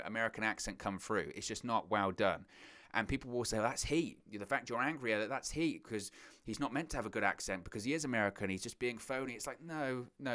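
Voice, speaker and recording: Animated man reviewing a wrestling show. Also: on the low side. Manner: animated, repeats phrases, voice jumps up when mocking. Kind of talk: casual opinion monologue.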